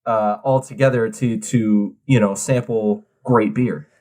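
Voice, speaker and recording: A man co-hosting a casual podcast, easygoing and quick to laugh. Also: on the low side, steady tone, dark tone. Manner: easygoing, laughs readily, loose restarts. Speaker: podcast co-host.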